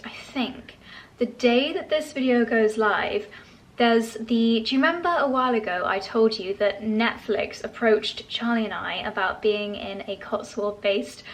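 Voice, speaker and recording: A chatty woman talks casually in her home vlog. She gushes about products and laughs softly now and then, all while working through a facial massage. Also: a little high. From England. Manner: chatty and gushing, with soft laughs. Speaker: lifestyle vlogger.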